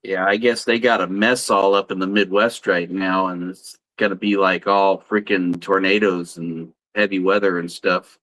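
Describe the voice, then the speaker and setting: A man's voice: low-pitched, level tone, normal speed, hardly any pauses, fairly bright tone, poor audio. A man in casual chat on a live stream who tells long, playful jokes. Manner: playful, tells a long tongue-twister joke. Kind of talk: casual chat, telling a joke.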